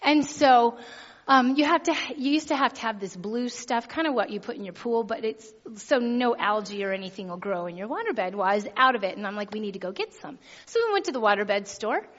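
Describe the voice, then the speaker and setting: A woman's voice: on the high side, a little fast. Laughing middle-aged woman preaching in a hall. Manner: chatty, laughing, animated storyteller. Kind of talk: sermon with personal story. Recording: dull sound with long hall reverb.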